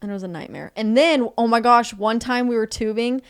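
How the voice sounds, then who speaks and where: A woman's voice: a little high, fairly quick, clean tone. A young woman from Texas, a podcast guest, telling rambling stories in a casual chat. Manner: animated, rambling storyteller. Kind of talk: casual storytelling.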